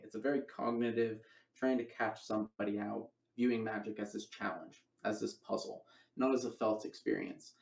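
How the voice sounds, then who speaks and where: A man's voice: medium pitch, creaky, roomy sound, far from the mic. A man giving a casual magic lecture, rambling and correcting himself as he demonstrates moves.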